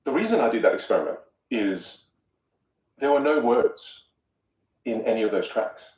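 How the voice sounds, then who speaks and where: A man coaching on a podcast, talking in an expressive, musical way and repeating words as he gets going. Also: medium pitch, normal speed. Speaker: voice coach guest. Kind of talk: animated podcast conversation. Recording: roomy room, distant mic.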